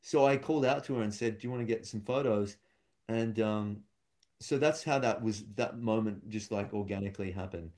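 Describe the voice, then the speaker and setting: A young male stand-up comedian chats casually on a podcast, his voice fairly low, moderately paced, and somewhat dark in tone. He rambles through stories and acts out the voices of the people in them.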